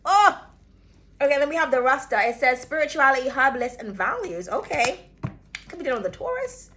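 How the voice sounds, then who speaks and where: Woman, high voice, bright, casual rambling tarot reading. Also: sing-song, a little fast, slight background noise. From outside the United States. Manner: chatty, rambling, swears casually, hums and laughs often. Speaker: tarot reader.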